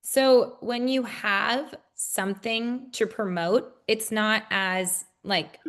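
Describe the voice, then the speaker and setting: A woman real estate agent in a casual interview, talking with many fillers and acting out bubbly, high-pitched greetings. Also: slow, hardly any pauses, fairly bright tone.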